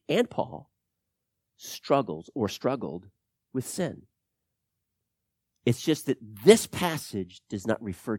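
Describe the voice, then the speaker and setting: A man preaching a sermon as pastor, teaching through scripture and swinging between loud emphatic lines and soft, low drops. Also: no echo, clean studio sound.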